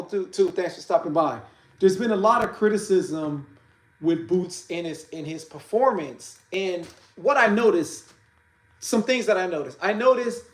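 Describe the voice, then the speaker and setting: A man hosting a casual boxing livestream, talking haltingly with many fillers and restarts and greeting viewers by name. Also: high-pitched, roomy sound, rough recording. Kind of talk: casual live-stream talk.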